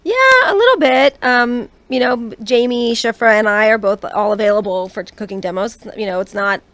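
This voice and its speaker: A woman's voice: fairly high pitch, brisk, fairly bright tone, dry recording. A woman guest on a radio show, talking casually about food with many fillers and hesitations. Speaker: guest from a cooking website.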